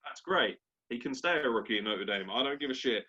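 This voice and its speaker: A man's voice: mid-range voice, animated, fairly quick, sharp tone, breathy edge, highs cut off. A man hosting a sports podcast in casual, crude, jokey chat, swearing freely. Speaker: podcast host.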